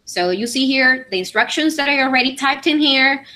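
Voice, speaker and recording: A woman gives a conference talk about teaching pronunciation. Her voice sits a little high and sounds bright. She explains things step by step, often pausing on fillers and checking in with the audience. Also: lively intonation. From Venezuela. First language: Spanish. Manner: explanatory, many fillers and "all right?" checks. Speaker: English teacher presenting. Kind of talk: conference presentation with screen demo.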